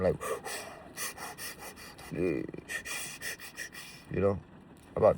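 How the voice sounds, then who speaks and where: Man, low creaky voice, profane slangy storyteller, distant mic, faint vehicle hum. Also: darkish tone. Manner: profane, slangy street talk with many fillers. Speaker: roofing business owner. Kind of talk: casual storytelling to camera.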